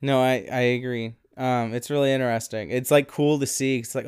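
A man co-hosting a casual podcast talk, his voice smooth and resonant. He rambles loosely with plenty of fillers and breaks into laughter often. The sound is dry and close, with no room around it. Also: medium pitch, steady tone, a little fast, darkish tone, no room sound. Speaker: podcast co-host. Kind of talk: casual chat.

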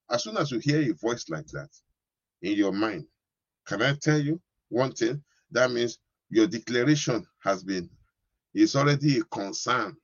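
Husky-voiced preaching man. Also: medium pitch, no echo, highs cut off. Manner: preaching with call-and-response commands and speaking in tongues. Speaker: pastor. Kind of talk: sermon.

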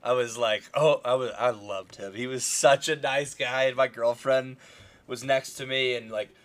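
Young man, casual podcast co-host, mid-pitch, rambling, filler-heavy delivery. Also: steady tone, moderate pace. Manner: rambling, many fillers and restarts. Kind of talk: casual movie chat.

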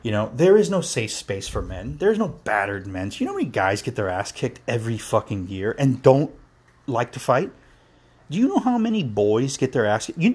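A man's voice: medium pitch, a little mellow, slightly rough. A man on a podcast giving a heated, profane monologue, ranting with passion. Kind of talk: impassioned monologue.

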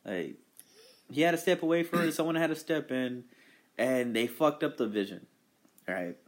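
A man's voice: medium pitch, expressive, moderate pace. A man in casual conversation about movies, laid-back, swearing freely and trailing off mid-sentence.

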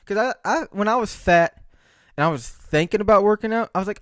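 A man's voice: sits high, expressive, a little fast, no echo, clean studio sound. A man talking to camera in a rambling, profane monologue, checking in with frequent "right?" asides. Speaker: vlogger.

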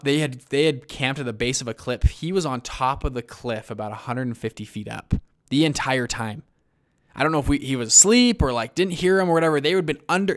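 A man telling a story in a casual interview, lively, with lots of fillers and restarts and acted-out quotes. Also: mid-range voice. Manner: animated, many fillers and restarts, acts out quotes. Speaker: guest recounting a search-and-rescue story.

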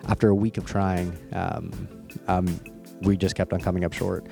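A young man from Canada, casually telling a personal story in a candid way, laughing often and repeating words when he gets excited. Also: deep voice, moderate pace, gravelly, soft background music.

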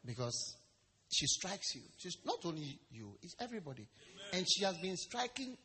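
A man preaching a sermon in a lively, storytelling way, acting out quotes and jokes. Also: sits high, moderate pace, crowd noise. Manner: animated, storytelling with acted quotes and stammering imitations. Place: church service hall. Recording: long reverb of a large hall.

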